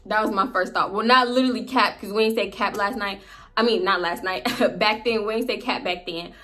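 A woman's voice: mid-range voice, fairly even intonation, fairly quick, bright, forceful tone. A young woman vlogger telling a personal story in a casual, slangy way, with laughing asides.

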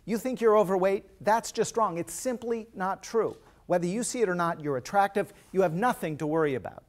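A man's voice: high-pitched, a little fast, pitched above the performer's own voice, natural voice. A man voicing a husband who scolds his wife in an emphatic, insistent way. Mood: scolding.

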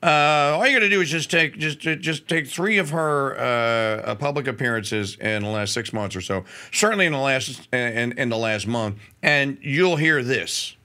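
A male talk radio host on a studio microphone, speaking with a bright, forceful edge. His pitch leaps up and down as he talks, and his voice has a gravelly crackle. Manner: animated, stammering restarts, quick pitch jumps. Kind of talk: casual political talk radio.

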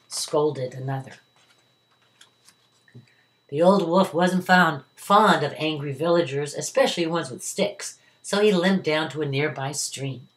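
A woman's voice: low-pitched, measured pace. Older woman reading a story to kids. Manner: warm, expressive reading to children. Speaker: retired teacher reading aloud. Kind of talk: children's story read-aloud. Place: at home.

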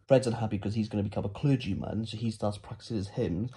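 A man's voice: medium pitch, fairly even intonation, a little fast, few pauses, warm tone. A man giving a comic, rambling book recap as a vlogger. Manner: rambling, playful, silly asides.

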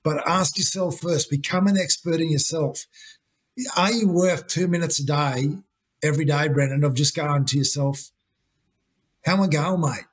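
A man's voice: fairly high pitch, steady tone, moderate pace, husky. A man, a guest coach talking earnestly in an interview, often saying "you know" and "mate". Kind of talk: conversational interview talk.

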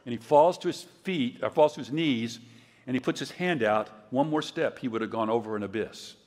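A man's voice: mid-range voice, brisk. Older man preaching in a reverberant hall. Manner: conversational storytelling, loud acted quotes. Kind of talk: conference sermon.

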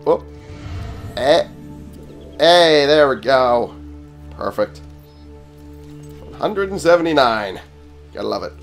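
A man's voice: mid-range voice, expressive, takes it slowly, creaky, long pauses. Swearing man narrating his gameplay. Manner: profane, sarcastic, exclaiming at enemies. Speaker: gaming channel host. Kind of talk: casual gameplay commentary. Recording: game music behind voice.

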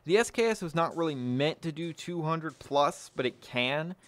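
A man's voice: on the high side, animated, moderate pace, fairly bright tone, dry recording. Blunt, cussing man talking guns. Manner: blunt, profane, self-satisfied. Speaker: firearms channel host. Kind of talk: casual talk to camera.

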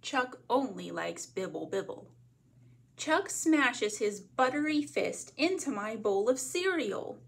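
A woman reading a bedtime story aloud, taking her time over every phrase. Her voice is fairly high and soft with a breathy edge, and she reads gently and steadily. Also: very animated, takes it slowly. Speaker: library storyteller.

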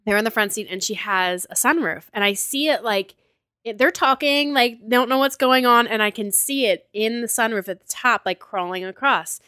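A woman's voice: on the high side, moderate pace, pushed and bright, clear, resonant tone, dry recording, studio quality. A woman in her thirties co-hosting a casual podcast chat, telling stories in a breezy, playful way. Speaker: podcast co-host.

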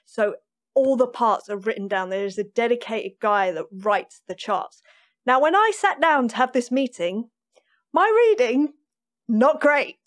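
Woman, podcast guest, animated storyteller, laughs often, slightly high voice. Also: moderate pace. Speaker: drummer guest. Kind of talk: casual interview chat.

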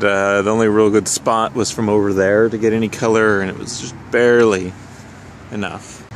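A young man vlogging casually about his photo outings, chatty and quick to laugh as he walks and drives around the city. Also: lowish voice. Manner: chatty, laughs often, thinks aloud while walking and driving. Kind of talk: casual handheld travel vlog. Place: outdoors and in a car around a city. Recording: noisy outdoor street recording.

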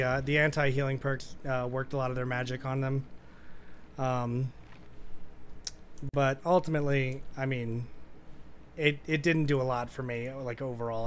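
A man's voice: medium pitch, slight background noise. A young man giving casual, profane commentary while playing a game live and talking to his viewers. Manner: casual and profane, frequent "dude". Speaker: gaming streamer.

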